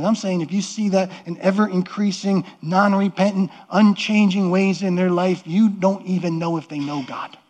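A middle-aged pastor preaches a sermon in a high-sitting voice. He's earnest and conversational, often repeating and restarting words.

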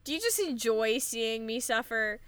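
A woman co-hosting a podcast in casual chat, excitable and quick to protest when flustered. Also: fairly high pitch, clean tone, dry recording. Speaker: podcast co-host.

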